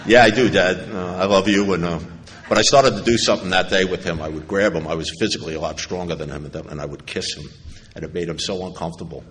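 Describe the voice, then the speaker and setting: Low-pitched and a bit bright, a middle-aged New York man talks at a quick pace and steady tone during a personal recovery talk at a convention. He shares his story with wry humor, acting out others' remarks. Slight background noise sits under the echo and faint ambience of the large hall.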